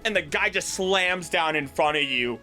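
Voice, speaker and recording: A man hosting a video, explaining myths in an animated, jokey, tangential way. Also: on the high side, normal speed, faint music behind. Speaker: voice actor and video host. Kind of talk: casual explanatory commentary.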